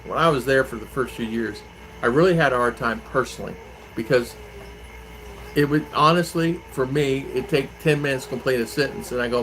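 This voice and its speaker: A man from Arizona hosts a relaxed live stream, rambling from one topic to the next as he answers viewer comments. His voice sounds bright and forceful at a middle pitch, with a faint hum of noise underneath. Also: a little fast, rough recording. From Arizona, USA. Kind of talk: casual live stream chat.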